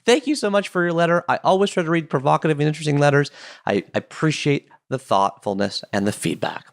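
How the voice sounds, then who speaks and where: A man hosting a solo podcast from his basement, chatty and playful, wandering off into quick jokes and asides. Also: fairly high pitch, animated, gravelly. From Canada. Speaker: podcast host. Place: home basement.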